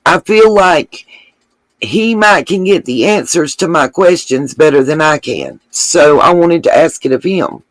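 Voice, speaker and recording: A woman's voice: deep voice, expressive, unhurried, no room sound, poor audio. A middle-aged woman hosts her own live stream, speaking bluntly and heatedly with plenty of profanity. Her voice sits close and dry, with no room sound around it. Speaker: livestream host.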